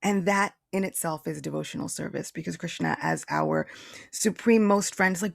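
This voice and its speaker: Woman, podcast co-host, animated storyteller, gravelly, dry close mic. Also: lowish voice, normal speed, dry recording. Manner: chatty, animated storyteller with many restarts and fillers. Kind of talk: casual spiritual discussion.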